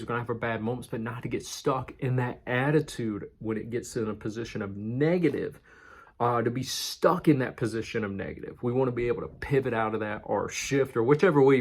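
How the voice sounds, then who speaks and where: A man's voice: mid-range voice, slightly rough. A male pastor giving a casual, conversational sermon and stressing key words by repeating them. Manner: conversational, emphatic with repetition. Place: church in New York City.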